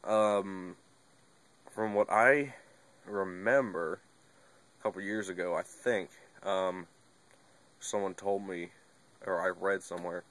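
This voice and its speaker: Laid-back young man rambling to camera. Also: low-pitched. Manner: rambling, many fillers, laid-back and profane. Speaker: vlogger. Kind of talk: casual monologue.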